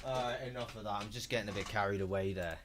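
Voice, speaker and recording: A man's voice: fairly low pitch, fast talker, background noise. A man live-streaming, reacting to a video with exasperated, sweary ranting.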